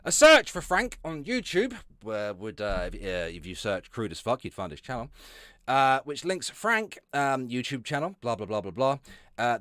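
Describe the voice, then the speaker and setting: A man's voice: mid-range voice, fairly bright tone, no room sound, studio quality. A man streaming live, giving sarcastic, heavily profane commentary, often breaking into laughter. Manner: sarcastic, swears constantly, often laughs and trails off.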